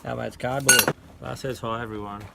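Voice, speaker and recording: Gravelly, sick Australian man. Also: medium pitch, steady tone, normal speed, very noisy. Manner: joking, dry sarcasm. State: sick with a sore throat. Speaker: home mechanic vlogger. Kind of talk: casual chat while working. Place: under a car on stands.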